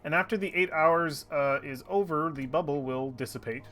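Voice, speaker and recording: A man's voice: fairly high pitch, normal speed, bright, forceful tone, faint music behind. A man running a tabletop game as game master, explaining rules with frequent ums while he checks his notes.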